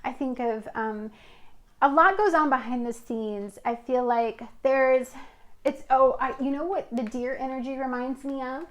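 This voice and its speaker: A woman with a high, slightly slow voice gives a casual tarot reading, chatting and rambling with plenty of fillers. She's a tarot reader from Washington state.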